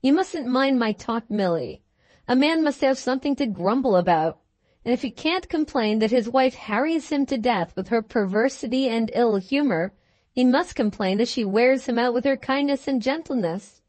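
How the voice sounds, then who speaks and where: A woman's voice: fairly high pitch, lively intonation, normal speed, a little mellow, no echo, natural voice. A woman voicing a bluff, hearty young husband in a storybook, jovial and teasing. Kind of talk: storybook dialogue.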